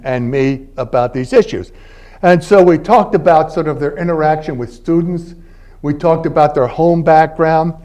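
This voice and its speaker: A man's voice: a little high, a little mellow. An older man from Philadelphia giving a university lecture in a conversational, anecdotal way, laughing between points. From Philadelphia, United States. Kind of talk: academic lecture. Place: university library event space.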